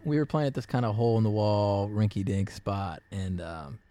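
A relaxed man talking as a musician guest in a casual interview. His voice sits a little low, and he tells stories with plenty of fillers, restarts and quick laughs. The sound is close and dry. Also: no echo. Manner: easygoing, laughs often, many fillers and restarts.

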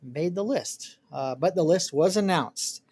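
A man's voice: a little high, animated, measured pace, a little mellow, husky. A man co-hosting a casual podcast chat, hesitant and prone to restarting his sentences. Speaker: podcast co-host.

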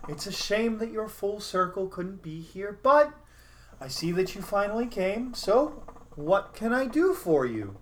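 A man voicing a masked male undead ruler who greets his guests softly and politely. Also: high voice, slight background noise.

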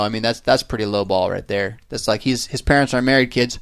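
He talks quickly at a medium pitch, his tone clean and a bit bright, as a podcast host chatting informally through scripture with plenty of fillers and "right?" tags. No room sound comes through.

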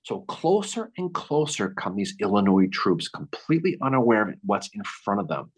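Husky guy telling war history, voice jumps all over, super animated. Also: on the low side, moderate pace. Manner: animated, acts out quotes. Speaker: podcast host. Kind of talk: casual history storytelling.

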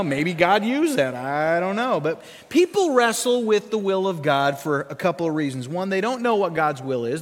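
Male pastor, sermon, animated questioning delivery, high-pitched, long hall reverb.

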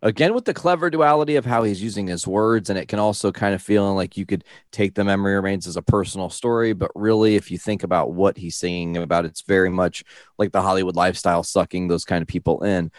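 A man's voice: sits low, fast talker, no room sound, clean studio sound. A man giving enthusiastic opinions on a song in a casual podcast chat. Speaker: podcast co-host.

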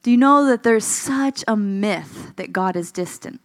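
Sounding a little tired, a woman gives an expressive, conversational sermon, posing questions to the congregation and voicing the people she quotes. She speaks at a measured pace in a mid-range voice, and the recording is dry.

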